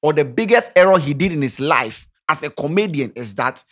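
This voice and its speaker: A man's voice: fairly high pitch, animated, brisk, fairly bright tone. A Ghanaian man giving passionate, sarcastic social commentary, firing off rhetorical questions. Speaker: commentary vlogger.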